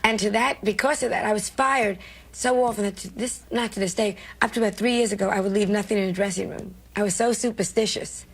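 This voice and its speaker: Laughing often and turning emotional, an older woman from New York, a comedian, shares brash, self-deprecating stories in a candid interview. She talks fast at a medium pitch with fairly even intonation and a breathy edge.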